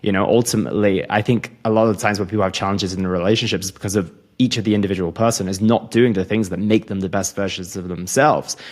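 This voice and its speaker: Brief: male podcast host, low voice, calm reflective summaries. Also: quick pace, hardly any pauses. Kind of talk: interview talk.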